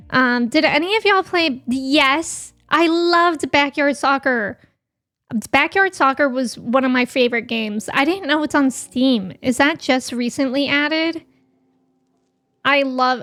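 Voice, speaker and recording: A woman's voice: high-pitched, fairly bright tone. A woman streamer in casual chat with her live viewers, reading their messages aloud and laughing often.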